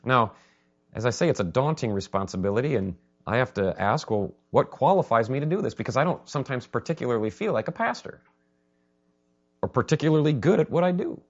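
Animated man preaching a sermon. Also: mid-range voice, brisk, dull audio. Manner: animated, conversational preaching with acted-out quotes. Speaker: pastor.

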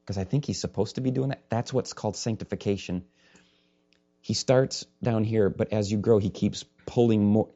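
A man's voice: lowish voice, steady tone, moderate pace, dark tone. A male pastor preaching an impassioned sermon, sometimes raising his voice to a holler. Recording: dull lo-fi recording.

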